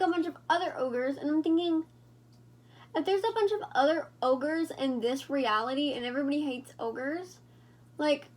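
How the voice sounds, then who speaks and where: High-voiced chatty woman vlogger. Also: a bit bright. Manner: rambling, talks to viewers directly. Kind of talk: casual chat while doing makeup.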